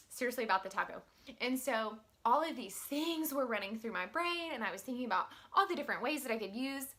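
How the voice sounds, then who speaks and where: A woman teacher telling a story to the camera in a chatty, animated way, full of filler words. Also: fairly high pitch.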